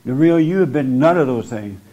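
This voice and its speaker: A man's voice: medium pitch, lively intonation, fairly quick, dark tone, dull audio. A man giving blunt spiritual counsel to someone in front of him, talking into a microphone and driving his points home by repeating them. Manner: blunt, repetitive, insistent. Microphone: speaking into a microphone.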